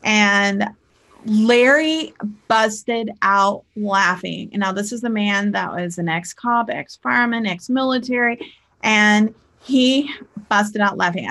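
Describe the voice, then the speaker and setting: A woman's voice: mid-range voice, a little slow, fairly bright tone. A woman who works as a spiritual teacher and life coach, talking casually on a livestream and telling a family story with lots of fillers.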